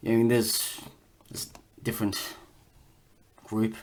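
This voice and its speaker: A man talking casually to camera in a vlog, rambling and halting with many fillers and restarts as he reads through results on screen. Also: lowish voice, completely flat delivery, a little hiss or hum. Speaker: vlogger.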